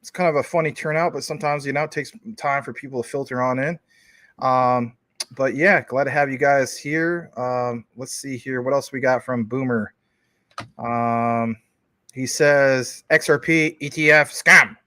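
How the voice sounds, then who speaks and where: Male stream co-host, mid-pitched and dry-sounding, friendly and jokey while reading chat. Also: steady tone, a little slow, fairly bright tone, dry recording. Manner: upbeat, welcoming, jokey. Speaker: livestream co-host. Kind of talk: casual chat reading viewer comments.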